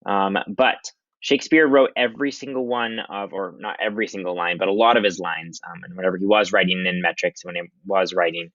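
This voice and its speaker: A young adult man, a high school English teacher, giving a casual recorded slideshow lecture with many ums. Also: steady tone, fairly quick, a bit bright, dry recording. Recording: dry, dull lo-fi audio.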